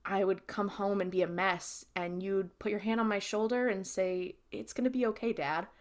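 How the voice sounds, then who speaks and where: A woman's voice: mid-range voice, fairly even intonation, moderate pace, natural voice. A woman on a podcast retelling a remorseful dying father's apology in close to her own voice. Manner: earnest quoted retelling. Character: remorseful dying father, middle-aged man.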